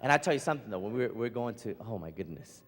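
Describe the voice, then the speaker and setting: A man's voice: lowish voice, expressive, fast, background noise. A man doing a stand-up comedy set on a theater stage, telling stories animatedly and acting out his wife's lines. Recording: live hall reverb, faint ambience.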